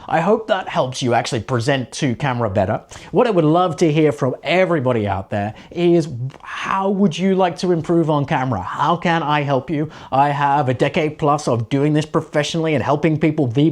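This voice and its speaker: A man who hosts a channel and coaches on-camera presenting, talking to camera in a chatty, rambling, self-mocking way. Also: on the high side. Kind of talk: casual talk to camera.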